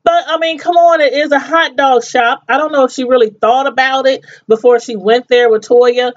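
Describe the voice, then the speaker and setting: High-voiced chatty woman reviewer. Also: fairly even intonation, normal speed, muffled recording. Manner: chatty, laughs often, acts out quotes. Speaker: TV show reviewer. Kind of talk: casual review chat.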